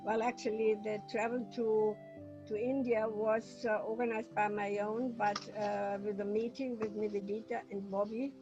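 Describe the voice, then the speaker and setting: A woman speaking English as a second language, giving a talk on a video call with hesitant pauses and restarts. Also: medium pitch, flat delivery, muffled recording, over music. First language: not English. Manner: hesitant, apologetic, with many restarts. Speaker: guest speaker. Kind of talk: online talk.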